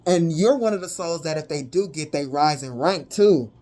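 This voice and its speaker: A deep-voiced woman speaks at a moderate pace while giving a tarot and energy reading to viewers. She's animated and slangy, breaking into sudden excited whoops.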